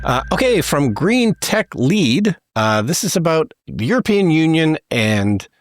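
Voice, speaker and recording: A Canadian man co-hosting a podcast, talking through news stories in a relaxed way with plenty of fillers. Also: a little high, unhurried, no echo, studio quality, soft background music. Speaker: podcast co-host. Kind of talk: casual news discussion.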